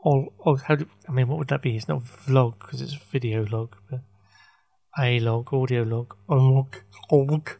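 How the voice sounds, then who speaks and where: A man hosting his own podcast, talking through a loose, halting monologue full of fillers, restarts and wry asides. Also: mid-range voice, fairly even intonation, gravelly, dark tone. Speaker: podcast host. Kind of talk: rambling casual monologue.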